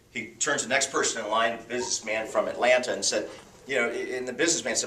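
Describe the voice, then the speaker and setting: A man preaching a sermon, telling a story with animated pitch swings. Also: fast. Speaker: pastor. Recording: echoey hall from far off.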